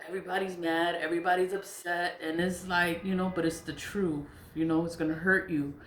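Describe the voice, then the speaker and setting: A woman's voice: fairly low pitch, a bit bright. A woman talking casually to camera. She rambles and repeats herself, swears, and keeps breaking into giggling laughter. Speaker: self-styled witch vlogger. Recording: echoey room with faint background noise.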